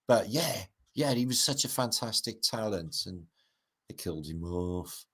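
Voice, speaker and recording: A man's voice: lowish voice, expressive, measured pace, fairly bright tone, breathy edge. A middle-aged man, rambling and swearing through a casual livestream chat as its host. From Britain.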